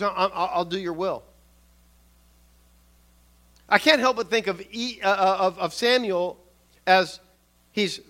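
An older man preaching a sermon on scripture, measured and earnest, often restarting his words and adding soft asides. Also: high voice.

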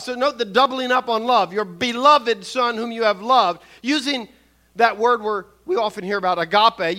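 An older man delivers a sermon in a measured, earnest way, often repeating a word before he finds his phrase. His voice sits high for a man and sounds bright and forward. He slows down to stress the lines he quotes. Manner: measured, with repeated restarts and soft asides. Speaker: preacher.

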